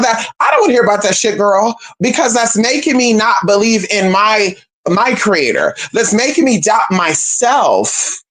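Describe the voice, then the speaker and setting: A woman's voice: mid-range voice, expressive, moderate pace. A woman hosting a livestream, talking straight to viewers in a sassy, emphatic, swearing monologue, calling them girl and babe. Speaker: livestream host.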